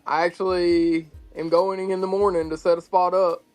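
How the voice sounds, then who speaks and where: Brief: young man from georgia, high pitched, animated storyteller, faint music under. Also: normal speed. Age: 20s. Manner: animated, acts out quotes, laughs often. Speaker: guest. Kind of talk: casual storytelling chat.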